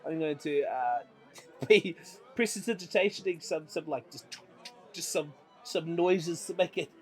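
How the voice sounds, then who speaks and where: A man's voice: a little high, a little slow, soft background music. A man playing a tabletop game, laughing often and slipping into a showman's manner. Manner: giggly, theatrical showman. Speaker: player.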